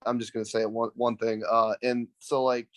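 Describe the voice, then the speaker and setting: A man's voice: mid-range voice, flat delivery, normal speed, no room sound. Rambling young man telling a story. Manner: rambling, filler-heavy. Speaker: guest. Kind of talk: casual storytelling.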